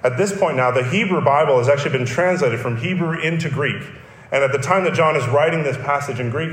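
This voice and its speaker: A man's voice: on the high side, echoey room. A man preaching a sermon, explaining a text in an earnest teaching manner with emphatic repetition. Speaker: pastor.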